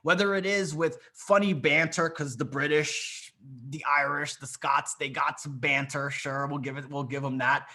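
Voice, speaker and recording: A man leads a live coaching session over a video call, his voice sitting a little high and carrying a bright, tense energy. He talks bluntly and confidently, swearing as he goes and pressing each point home. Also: steady tone, moderate pace, few pauses. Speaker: dating coach.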